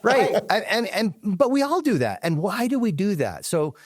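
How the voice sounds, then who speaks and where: A man's voice: high voice, moderate pace, a loud crowd. A man being interviewed as a company leader, speaking conversationally and acting out callers as he tells stories. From United States. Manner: animated storyteller, acts out phone callers.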